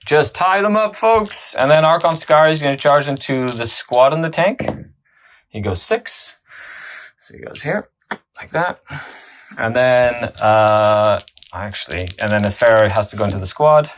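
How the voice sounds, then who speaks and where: A man's voice: mid-range voice, expressive, unhurried, a little hiss or hum. A man hosting and playing a tabletop battle, chatty, thinking aloud and often laughing as he talks through the moves. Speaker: host and player. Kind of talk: casual tabletop battle commentary.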